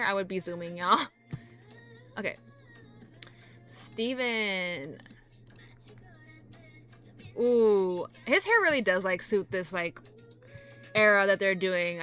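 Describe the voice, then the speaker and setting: A woman reacting casually to photos, rambling and full of fillers, gushing with excitement. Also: medium pitch. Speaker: K-pop reaction vlogger.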